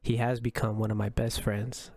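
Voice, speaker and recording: A man's voice: lowish voice, little pitch movement, normal speed, darkish tone, no echo, clean studio sound. A man in casual conversation, reading viewer messages aloud in an upbeat, easygoing way. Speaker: interviewer reading chat messages. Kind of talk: casual chat.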